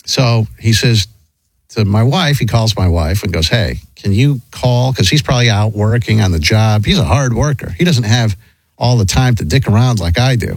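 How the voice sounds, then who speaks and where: A man's voice: fairly low pitch, moderate pace, husky, dry recording, rough recording. A middle-aged man telling a long, rambling story in casual chat, with many restarts. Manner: rambling, animated, frequent restarts.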